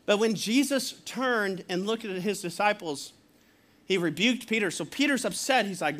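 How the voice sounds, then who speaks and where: High-voiced conversational male preacher. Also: lively intonation, normal speed, fairly bright tone. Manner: conversational, chuckles often, acts out quotes. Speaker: pastor. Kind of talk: sermon.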